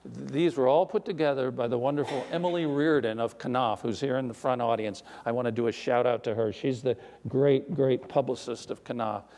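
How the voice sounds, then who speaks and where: Older man, animated storyteller in a hall. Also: mid-range voice, normal speed, hardly any pauses. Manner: animated, self-deprecating storyteller with restarts. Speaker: author. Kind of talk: live author conversation on stage. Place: recital hall before an audience. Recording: long hall reverb.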